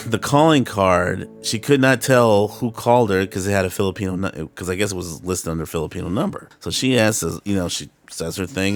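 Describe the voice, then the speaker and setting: Middle-aged male host, deep gravelly voice, profane animated storyteller, faint music underneath. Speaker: podcast host telling a personal story. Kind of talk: casual storytelling monologue.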